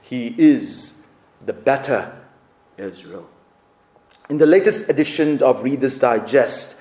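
Brief: a high-pitched male preacher in a reverberant church, animated, dropping to a hush. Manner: animated, big swings from loud to hushed. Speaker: pastor. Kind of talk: sermon with storytelling.

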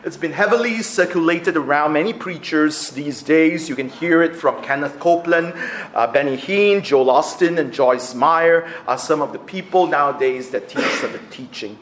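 A man's voice: a little high, normal speed, slight background noise. A man preaching a sermon, acting out quotes with laughs. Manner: animated, acts out quotes with laughs. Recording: echoey room.

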